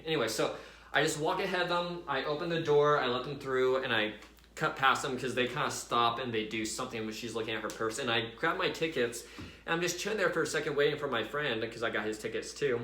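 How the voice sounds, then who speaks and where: A man casually telling a personal faith story to his viewers in a chatty, animated way, full of fillers. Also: mid-range voice, fast talker, roomy sound, slight background noise. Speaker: vlogger sharing a faith story.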